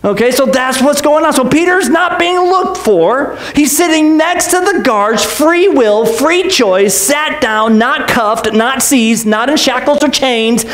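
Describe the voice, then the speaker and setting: A male pastor preaching in a church, animated and jokey, acting out quotes and asking questions. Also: extremely high pitch, a little hiss or hum. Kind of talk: sermon, Bible teaching. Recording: echoey church room.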